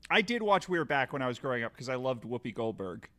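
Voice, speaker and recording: A man co-hosting a podcast, talking casually in a measured way with jokey interjections. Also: mid-range voice, sing-song, fairly bright tone. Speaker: podcast co-host. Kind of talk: casual chat.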